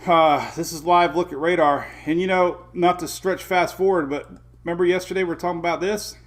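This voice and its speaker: A chatty middle-aged man runs a relaxed morning weather show. He greets viewers one by one with an easy, friendly banter, and his speaking voice sits a little higher than most men's. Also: a little fast. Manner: chatty, greets viewers by name, chuckles often. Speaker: weather livestream host. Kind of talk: casual morning weather chat.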